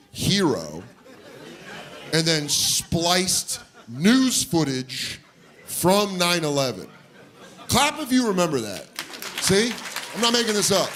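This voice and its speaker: Man, stand-up comic, middle-aged, slightly high voice, loud storytelling, club audience laughing behind. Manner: loud, animated storytelling with shouted put-on voices. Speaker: stand-up comedian. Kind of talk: stand-up comedy routine. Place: comedy club stage before a laughing audience. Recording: live club recording with crowd noise.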